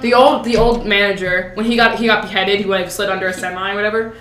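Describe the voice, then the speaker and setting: A woman's voice: mid-range voice, fairly even intonation, fast, fairly bright tone. Rambling young woman podcast host, echoey. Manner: rambling, filler-heavy, giggly. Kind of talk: casual chat. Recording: echoey room with faint noise.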